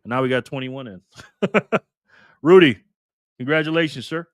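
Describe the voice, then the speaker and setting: A man's voice: mid-range voice, animated, fairly quick, fairly bright tone, smooth, dry recording. A man hosting a casual live stream, cheerfully greeting viewers by name and chatting as he spins a prize wheel.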